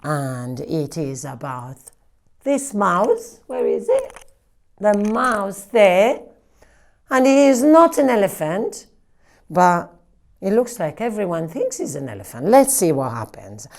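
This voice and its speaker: A woman's voice: mid-range voice, big pitch swings, vocal fry, a little mellow. A woman leading a children's story time at a library. She sings a greeting and encourages young listeners before reading. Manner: slow, encouraging, sing-song with young listeners.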